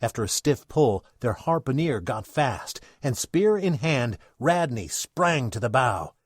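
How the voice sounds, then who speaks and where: Male narrator, old-time radio style, theatrical, lively, dry close sound. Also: medium pitch, unhurried, slightly rough, no room sound. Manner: theatrical, expressive storyteller.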